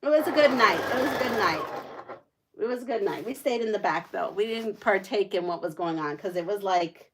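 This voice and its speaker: A middle-aged woman hosting a livestream, telling a story in casual chat, laughing often and animated. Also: mid-range voice, fairly quick, heavy background noise. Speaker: livestream host.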